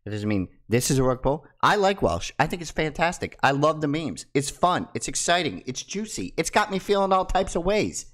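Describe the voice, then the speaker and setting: Animated crypto YouTuber, lively swings. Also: male voice, fairly high pitch, moderate pace, few pauses. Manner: animated, teasing, swings between loud and hushed asides. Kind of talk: casual to-camera commentary.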